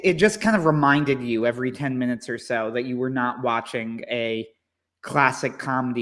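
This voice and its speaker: A man co-hosting a casual livestream, talking in a wry, low-key way. He rambles and hesitates, often stopping to look for the next word. His voice sits at an ordinary mid pitch. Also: fairly bright tone. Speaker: co-host, movie commentator.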